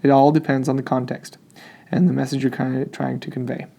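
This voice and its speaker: Guy teaching spanish grammar, gravelly low-key voice, keeps asking okay?. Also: flat delivery, a little fast, mellow. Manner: explains step by step, checks in with "okay?". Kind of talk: classroom grammar lesson.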